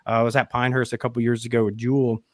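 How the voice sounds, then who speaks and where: A man hosting a podcast, telling a story in a loose, animated way, swearing freely and laughing mid-sentence. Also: medium pitch, very fast, dry recording, clean studio sound. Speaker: podcast host. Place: podcast studio.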